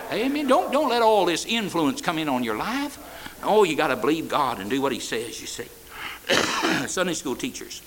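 A man's voice: fairly high pitch, animated, fairly quick, fairly bright tone, a little hiss or hum, low-quality recording. A man preaching a sermon, in a folksy style with repeated "amen" and stammered restarts. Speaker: pastor. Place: church.

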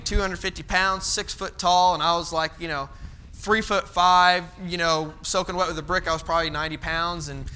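A man's voice: fairly high pitch, sharp tone, slight background noise. A young man preaching a folksy sermon, telling stories and acting out his father's stern voice. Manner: folksy, storytelling, acts out his dad's stern voice.

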